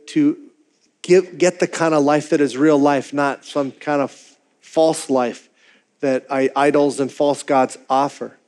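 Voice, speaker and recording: A pastor preaching to his congregation in a frank, conversational way, with a voice pitched a little above the usual for a man. He keeps restarting his sentences and repeating words, then acts out his own thoughts in quotes. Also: a little mellow. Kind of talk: sermon.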